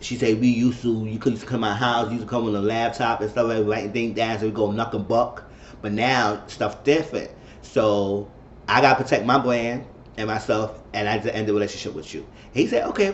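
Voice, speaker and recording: A man giving a casual, animated reality TV recap, acting out the quoted dialogue as he goes. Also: on the low side, a little fast, slight background noise. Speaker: show reviewer. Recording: echoey room, slightly dull sound.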